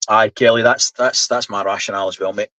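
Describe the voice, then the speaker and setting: A man's voice: fairly low pitch, fairly even intonation, fast talker, bright, forceful tone, no room sound, low-quality recording. A man in his seventies with a Scottish accent, chatting casually on a live stream, explaining things while he reads the chat. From Scotland. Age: 70s. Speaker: livestream host.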